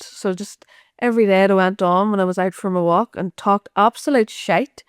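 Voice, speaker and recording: A woman's voice: mid-range voice, fairly even intonation, normal speed, smooth, dry recording, studio quality. A woman, a podcast guest chatting candidly, swearing freely and laughing often. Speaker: podcast guest, social media creator. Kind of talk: candid casual chat.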